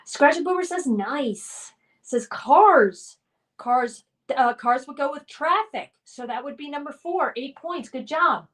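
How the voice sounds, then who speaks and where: A woman's voice: high-pitched, expressive, slow pace, fairly bright tone, far from the mic. A woman hosting a casual live stream game, reading out viewers' comments and cheering them on. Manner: reads viewer comments aloud, cheerful and encouraging.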